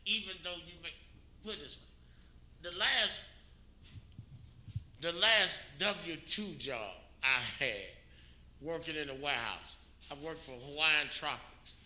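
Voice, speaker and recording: A man's voice: fairly high pitch, slow, pauses often, pushed and bright. A middle-aged man, co-hosting a radio talk show and telling a long story in a profane, emphatic way, often checking in with "you know what I'm saying". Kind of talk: casual storytelling chat. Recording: roomy echo with faint noise.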